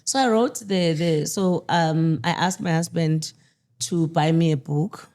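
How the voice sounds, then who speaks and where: Woman, low, mellow voice; grieving mother in interview, candid and halting. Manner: candid, halting, with restarts and quoted dialogue. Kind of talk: emotional personal storytelling.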